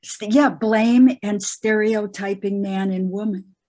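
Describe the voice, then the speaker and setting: Slow, thoughtful woman in a study group. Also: medium pitch, fairly even intonation, dark tone. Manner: thoughtful, hesitant, with pauses. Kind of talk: group discussion.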